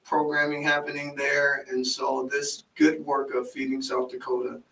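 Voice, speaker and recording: A gravelly-voiced man hosts a casual talk show, animated and quick to affirm his guest. He sits back from the mic, and the room rings around him. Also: medium pitch, slight background noise. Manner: animated, frequent affirming "mm-hmm", restarts when excited. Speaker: podcast host and life coach. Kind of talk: casual interview chat. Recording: echoey room, mic at a distance.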